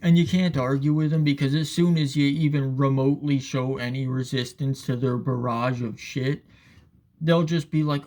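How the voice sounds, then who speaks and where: A man's voice: medium pitch, steady tone, moderate pace, darkish tone. A man giving a casual, profane, sarcastic rant as commentator, often asking "all right?".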